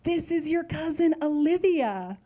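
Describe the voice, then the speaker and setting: A woman's voice: high voice, expressive, unhurried, dark tone, voice pushed up. A young woman voicing her flustered, embarrassed middle-aged aunt in a stand-up story. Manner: flustered, apologetic.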